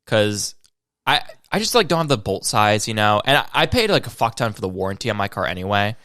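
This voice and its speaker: A man's voice: fairly low pitch, very animated, fairly quick, fairly bright tone, no echo, clean studio sound. A young man co-hosting a casual podcast, telling a story with lots of swearing and quoted voices. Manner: swears a lot, tells stories with quoted voices. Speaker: podcast co-host. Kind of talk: casual chat.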